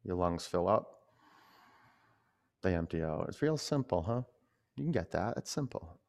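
A man teaching a yoga class, gently cueing breath and poses in a loose, conversational way. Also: sits low, animated, measured pace.

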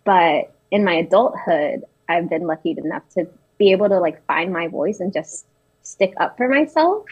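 Husky young woman telling a story. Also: fairly low pitch, animated, moderate pace, a little mellow, muffled recording. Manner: hesitant, frequent restarts and fillers. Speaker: interviewee. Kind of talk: casual personal storytelling.

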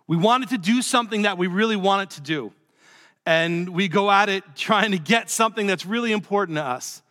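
A man preaching a sermon as pastor, telling a story in a lively, conversational way. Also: sits high, fairly quick, long reverb tail.

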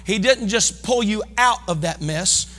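Fervent, bright-voiced preacher in a reverberant church. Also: male voice, sits high, animated, unhurried, soft background music. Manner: fervent call-and-response preaching, bursts into shouts. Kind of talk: sermon. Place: church sanctuary.

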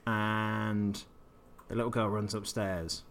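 A man's voice: on the low side, level tone, takes it slowly, a bit bright, slight background noise. Wry man telling a game story. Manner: wry storyteller, laughs at his own anecdotes. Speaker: podcast co-host. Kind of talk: casual chat about video games.

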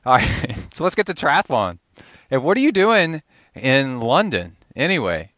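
A man's voice: mid-range voice, very animated, measured pace, a bit bright, no room sound, clean studio sound. A man hosting a podcast interview over a Skype call, chatty and joking, laughing often. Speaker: podcast host. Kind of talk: casual interview chat.

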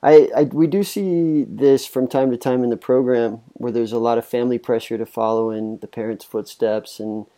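A male host talks reflectively with a mellow, warm tone. He often repeats words as he starts his sentences. His voice sits at a middle pitch. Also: fairly even intonation, moderate pace, hardly any pauses. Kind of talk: interview chat.

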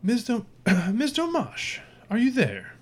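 A man's voice: high voice, sing-song, normal speed, darkish tone, pitched above the performer's own voice, exaggerated voice. A man voicing a commanding contact who speaks through a magic stone in a tabletop game, urgent and formal.

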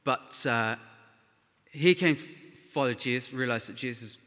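A man's voice: medium pitch, moderate pace, a bit bright, in a large hall. A man telling missionary stories to a church gathering, earnest and chatty, with frequent fillers. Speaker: missionary speaker. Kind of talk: church testimony talk.

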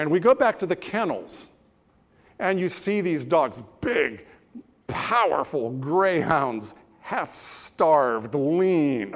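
A male pastor preaching a sermon in a relaxed, conversational way, with pauses and asides. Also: a little high. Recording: long church-hall reverb.

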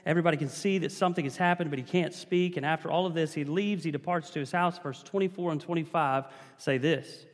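A man preaching a sermon in a church, his voice sitting a little higher than most men's. He builds emphasis and calls out to the congregation as he goes. The sound rings with the long reverb of a large hall. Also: fast, few pauses.

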